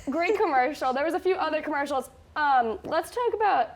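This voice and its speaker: A young woman with a high, bright-pitched voice co-hosts a student campus show. She chats casually and giggles often, stumbling through ums and restarts. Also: expressive, a little fast. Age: young adult. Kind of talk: casual chat.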